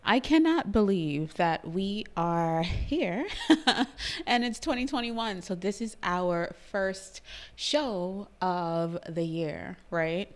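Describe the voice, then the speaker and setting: A woman's voice: mid-range voice, animated, slow pace. A woman with a Trinidadian accent hosting a live-streamed talk show, bubbly, laughing often and greeting her viewers by name. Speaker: livestream show host.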